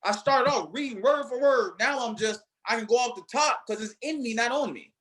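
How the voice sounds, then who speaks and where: A man's voice: very high-pitched, brisk, fairly bright tone. A man leading a network marketing team, giving a motivational talk with emphatic, preacher-like repetition.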